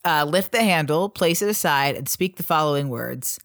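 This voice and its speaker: A man's voice: a little high, animated, normal speed, fairly bright tone, dry recording, clean studio sound. A man co-hosting a casual comedy podcast, reading out the steps of a spooky ritual and joking about each one with frequent laughs. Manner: reads ritual steps aloud with wry asides and frequent laughs. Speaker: podcast co-host.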